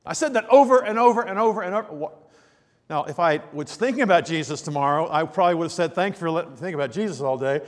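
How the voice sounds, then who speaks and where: A middle-aged man preaching a sermon, animated, swinging between hushed and emphatic delivery. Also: fairly high pitch, fast. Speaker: pastor. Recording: long hall reverb.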